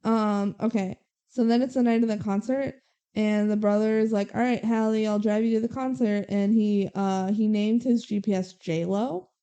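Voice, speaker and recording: A woman's voice: mid-range voice, fairly even intonation, normal speed, warm tone, clear, resonant tone. A young woman co-hosting a podcast, casually recapping a movie scene by scene and quoting the characters, with lots of "like" and "um.". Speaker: podcast co-host.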